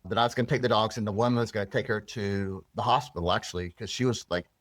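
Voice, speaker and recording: Male guest, low voice, earnest rambling storyteller, dry room. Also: steady tone, quick pace, a bit bright, no echo. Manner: rambling, earnest, many restarts. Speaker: interview guest. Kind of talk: emotional personal storytelling.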